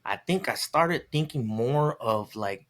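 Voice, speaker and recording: Laid-back man swapping rough stories. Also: medium pitch, slow. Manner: relaxed, swearing storyteller who acts out quoted voices. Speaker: podcast guest. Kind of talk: casual chat.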